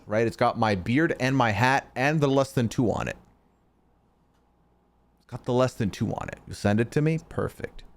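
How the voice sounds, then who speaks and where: A young man from Canada, hosting a live stream in casual chat, answering his chat and teasing trolls with some swearing. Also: mid-range voice. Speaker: streamer host.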